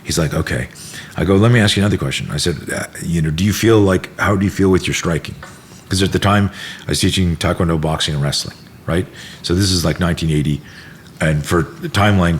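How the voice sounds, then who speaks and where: A man's voice: low voice, a little hiss or hum. A middle-aged man, a self-defense instructor, telling stories in a casual interview, acting out quotes and swearing freely. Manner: animated storyteller, acts out quotes, swears freely.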